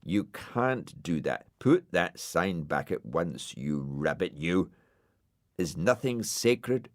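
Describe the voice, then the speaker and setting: A man voicing a grumpy, bossy male dog acting as a parking warden, high and indignant. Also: big pitch swings, slow, dry recording, clean studio sound, heavily acted. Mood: officious. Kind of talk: audiobook character voice.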